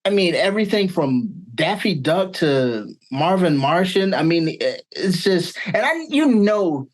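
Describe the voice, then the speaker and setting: A man's voice: sits high, sing-song, unhurried. A voice actor guest, a man, answering earnestly and searching for his words in a casual chat.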